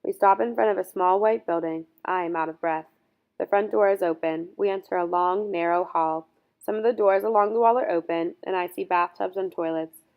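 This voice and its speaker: A woman narrates a first-person audiobook in a measured, earnest reading voice. Her pitch sits a little low, and she keeps the scripted narration steady. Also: narrow, tinny audio.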